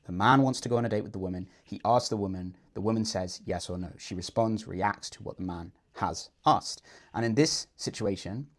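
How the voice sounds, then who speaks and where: A man working as a dating coach, talking through his advice in an earnest, explanatory, conversational way. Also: medium pitch. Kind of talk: coaching breakdown voice-over.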